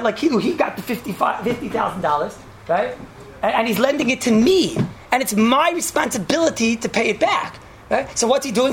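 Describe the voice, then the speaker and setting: A woman teaching an informal class on Jewish law to a live group. She talks conversationally, keeps checking in with "right?", and restates points to make them clear. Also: medium pitch, a little hiss or hum. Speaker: religious teacher.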